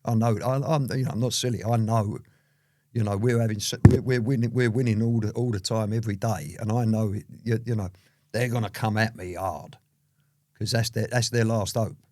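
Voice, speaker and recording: A man's voice: on the low side, steady tone, brisk, darkish tone, dry recording, clean studio sound. A man, an interview guest telling his story in a rambling, casual way full of "you know".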